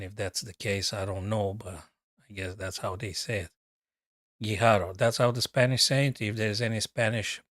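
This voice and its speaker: A man with a fairly low voice gives casual live chess commentary as a coach. He is chatty, thinks aloud and talks straight to his viewers. The sound is dry and close. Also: fairly bright tone, no echo.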